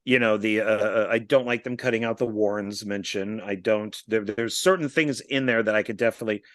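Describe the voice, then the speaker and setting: A man co-hosting a podcast, retelling movie scenes in a casual, animated way, quoting the characters' lines as he goes. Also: on the low side, fairly quick, no echo. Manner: animated storyteller who retells scenes with quoted lines and small laughs. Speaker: podcast co-host. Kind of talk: casual film chat.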